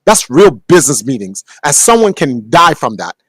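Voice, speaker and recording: A man's voice: on the high side, very animated, normal speed, fairly bright tone, no echo, rough recording. A young man hosting a podcast, talking bluntly and profanely in a casual rant that keeps climbing into heated outbursts. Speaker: podcast host. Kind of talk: casual ranting monologue. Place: home room.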